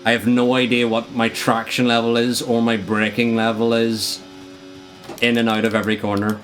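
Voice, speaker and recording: A man's voice: mid-range voice, completely flat delivery, moderate pace, a bit bright, soft background music. A young man streaming a racing game live, joking around and swearing in frustration as he talks to his chat.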